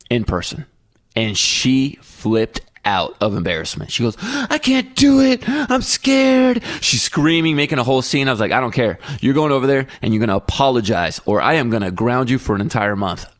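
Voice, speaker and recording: A man's voice: on the low side, animated, a little fast, no room sound, studio quality. A middle-aged man co-hosting a podcast, telling a family story in casual chat and acting out his kids' voices. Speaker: podcast co-host.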